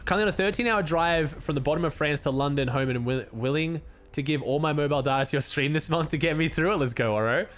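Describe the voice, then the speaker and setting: A man's voice: on the high side, quick pace, fairly bright tone. A young Australian man streaming casually, laid-back and cursing freely as he thanks viewers and comments on the game.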